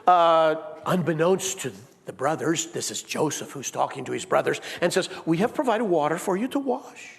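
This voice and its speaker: A man preaching a sermon in a church, animated and playful, acting out quotes with big swings in his voice. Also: high-pitched. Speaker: pastor. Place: church sanctuary. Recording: long reverb of a church hall.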